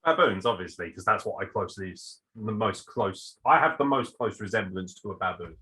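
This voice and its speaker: A man's voice: fairly low pitch, animated, a little fast, bright, forceful tone, poor audio. A young man hosting a podcast, answering listener questions in a brash, sarcastic way with lots of swearing. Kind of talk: casual banter.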